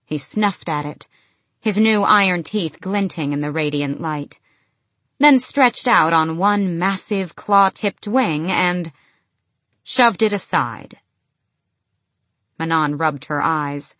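Casting: woman narrator for fantasy audiobook, lowish voice, dry close-mic studio sound. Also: animated, takes it slowly, pauses often, a bit bright, no echo.

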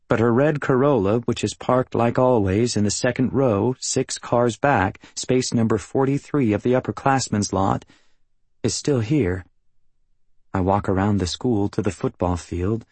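A man narrates a first-person novel in a measured, matter-of-fact way. His voice sits a little low, and the close studio recording is dry with no room sound. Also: a little mellow, no echo. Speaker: audiobook narrator.

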